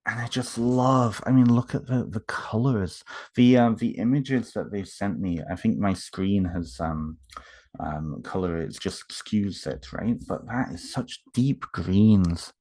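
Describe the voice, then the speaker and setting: A man unboxing books in a casual home vlog, talking haltingly with many fillers and restarts, moved and emotional. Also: fairly low pitch, darkish tone.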